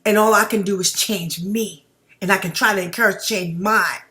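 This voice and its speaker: A woman's voice: mid-range voice, steady tone, moderate pace, bright, forceful tone. A woman delivering a heated, blunt, profane commentary rant straight to her viewers, calling them family. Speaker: video blogger.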